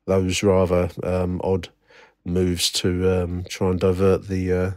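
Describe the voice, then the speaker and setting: Wry rambling English podcast host. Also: male voice, sits low, monotone, takes it slowly, darkish tone, no room sound, studio quality. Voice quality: wry, rambling, many fillers and restarts. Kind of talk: casual solo podcast commentary.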